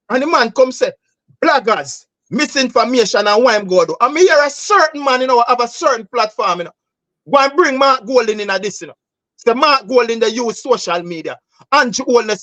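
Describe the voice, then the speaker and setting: A man's voice: very high voice, bright, forceful tone, dry recording. A Jamaican man hosting a political talk show, speaking passionately and emphatically in patois-laced English, often calling listeners "bro.". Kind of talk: heated political commentary.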